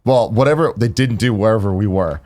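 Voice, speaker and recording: A man co-hosting a casual podcast, telling a story at an easy, ordinary pitch. He rambles with lots of "like" and restarts, but keeps an excited tone. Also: brisk. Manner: rambling, full of fillers and restarts, enthusiastic. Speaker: podcast co-host.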